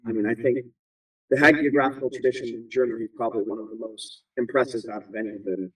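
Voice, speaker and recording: A man rambles through his points in a loose interview chat, full of fillers and restarts. He sits a little back from the mic, so his voice sounds distant. His pitch sits in a middle range. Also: fairly even intonation, fast, a bit bright, husky. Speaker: guest. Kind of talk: conversational interview.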